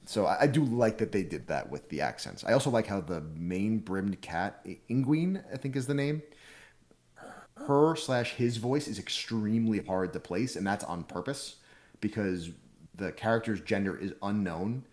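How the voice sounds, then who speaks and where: A man co-hosting a podcast, explaining his views in a measured, analytical way. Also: lowish voice, animated, darkish tone. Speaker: podcast co-host. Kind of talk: casual chat.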